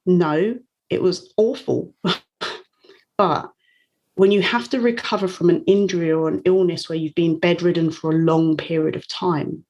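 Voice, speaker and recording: A woman speaking as an interview guest, telling a personal story in a candid, open way. Her delivery is warm and unguarded, with soft laughs slipping in between phrases. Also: fairly low pitch. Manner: warm, open, frequent light laughs while recounting. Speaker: guest, coach.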